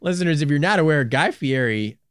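A man's voice: on the high side, animated, a little fast, a bit bright, smooth, dry recording, studio quality. A man co-hosting a podcast in casual, crude, joking chat, and laughing often. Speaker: podcast co-host.

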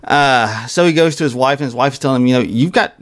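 A male podcast co-host talking casually through a TV episode with a plain, mid-pitched voice. He stumbles and repeats his words, restarting as he goes. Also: fast.

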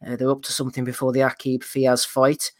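A man hosting a casual podcast, reading out listener nominations with a jokey, quick manner and frequent laughter. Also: mid-range voice, monotone, no room sound, studio quality. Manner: jokey, laughs often, quick read-outs.

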